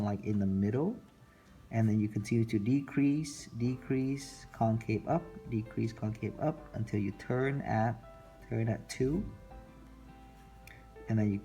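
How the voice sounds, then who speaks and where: A man teaching a math lesson, calmly repeating each step while he sketches a graph. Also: lowish voice. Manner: slow, repetitive, talking through steps while sketching. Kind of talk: classroom lecture recorded for students.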